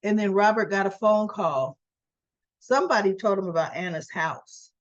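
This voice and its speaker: A woman's voice: mid-range voice, moderate pace, no echo, muffled recording. A woman casually recapping soap opera episodes, chatty and a little tired, retelling the scenes and asking her viewers questions. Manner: chatty, retells scenes by acting out the characters' lines; asks viewers questions directly.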